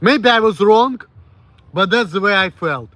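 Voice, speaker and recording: A man's voice: high-pitched, lively intonation, a bit bright, no echo. A man in his late thirties with a Russian accent, rambling frankly and with plenty of swearing as he answers viewers on a livestream. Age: late 30s. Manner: rambling, frank, profane, halting self-corrections. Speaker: streamer.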